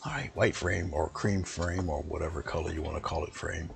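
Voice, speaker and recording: A man's voice: extremely low pitch, fairly quick, gravelly, faint music behind. A man chatting casually as he finishes a painting demo, rambling and talking to himself while he works. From US East Coast. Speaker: painting instructor.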